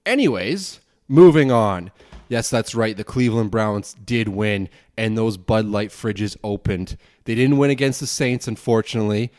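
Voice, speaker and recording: A man's voice: fairly low pitch, steady tone, normal speed, few pauses, a little mellow, smooth. A young man hosting his own podcast alone, ranting angrily with plenty of swearing and rambling asides. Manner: angry, profane, rambling rant. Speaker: podcast host.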